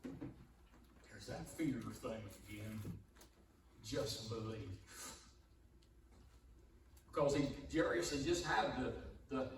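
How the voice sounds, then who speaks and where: A man preaching a sermon as pastor, in a slow, conversational way that rises in emphasis when he quotes scripture. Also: mid-range voice. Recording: echoey hall, distant mic, room noise.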